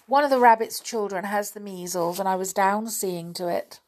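A woman's voice: medium pitch, normal speed, a little mellow, lightly acted. A woman voicing a chatty old male elf with a very long beard, fussy and fond of jokes, in a storybook reading.

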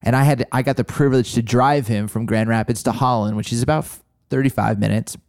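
A man in his forties hosting a podcast, an animated storyteller who restarts his sentences often. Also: mid-range voice, fairly quick, no room sound, studio quality. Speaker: podcast host. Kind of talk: casual conversation.

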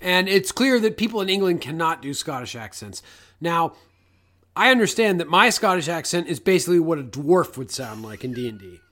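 A man co-hosting a casual podcast, riffing on a movie with jokes and frequent swearing. His voice sits high and swings widely in pitch. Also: a little fast. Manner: animated, swears freely, jokey. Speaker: podcast co-host.

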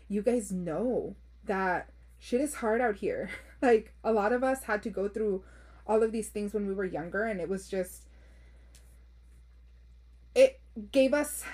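Young woman podcast host, mid-range voice, reads listener stories aloud and reacts with frank, profane, expressive asides and bits of Spanish. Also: medium pitch. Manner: expressive and blunt, swears freely, laughs often; code-switches into Spanish phrases. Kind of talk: reading listener stories aloud with casual commentary.

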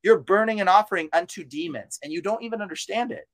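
A man appears as an exorcist guest on a podcast, his high voice moving at a quick pace with no room sound. He's fervent and insistent, repeating himself and mixing casual slang into his preachy talk.

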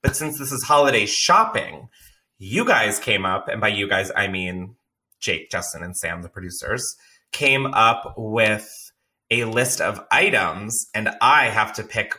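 A man hosting a casual podcast chat, his voice bright and forward. He laughs often, swears freely, and tells stories with lively energy. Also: fairly low pitch. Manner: laughs a lot, swears, animated storytelling. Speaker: podcast host.

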